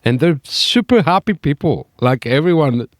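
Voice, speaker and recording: A man's voice: a little high, animated, normal speed, no echo, studio quality. Enthusiastic man co-host. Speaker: podcast co-host. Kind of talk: casual interview chat.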